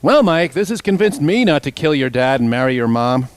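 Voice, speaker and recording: A man's voice: mid-range voice, very animated, brisk, natural voice. A man voicing a wisecracking male robot puppet sidekick, firing off sarcastic quips. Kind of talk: voice-over for a puppet comedy.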